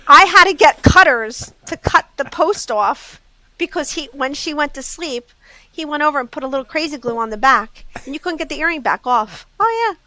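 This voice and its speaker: Bright-voiced woman telling store stories. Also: sits high, moderate pace, dry recording, rough recording. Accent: Southern US. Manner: lively anecdotes, acts out customers' quotes. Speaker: jewelry store owner, guest. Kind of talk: casual storytelling.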